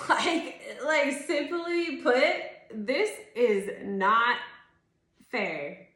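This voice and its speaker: Her voice is high and sharp, and she talks extremely slowly. In an echoey room, a thirty-something tarot reader rants her way through a casual reading, exasperated and meandering, full of profanity and "like."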